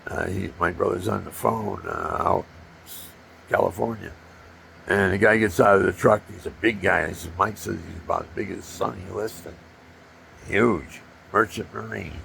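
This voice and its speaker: An older man with a gravelly voice, rambling through personal stories and acting out punches with sound effects. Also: low-pitched, fairly even intonation, moderate pace, a bit bright, slight background noise. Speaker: storyteller.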